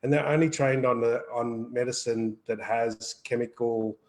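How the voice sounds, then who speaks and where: A man's voice: mid-range voice, fairly even intonation, normal speed, darkish tone, rough recording. A man co-hosting a live wellbeing Q&A, talking earnestly in a rambling way, repeating words and swearing casually. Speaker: wellbeing co-host. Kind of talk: live Q&A chat.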